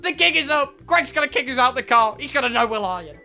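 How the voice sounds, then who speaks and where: A young British man on a livestream, telling a story in an excitable, self-mocking way, with plenty of swearing. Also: very high-pitched, a little fast, gravelly, faint music behind. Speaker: streamer. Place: home streaming room.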